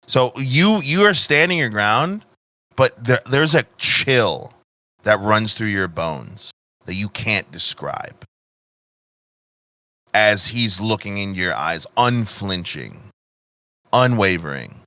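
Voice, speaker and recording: A man's voice: fairly low pitch, expressive, takes it slowly, bright, forceful tone, no echo. A man narrating a tabletop game as game master, loose and profane, often restarting sentences.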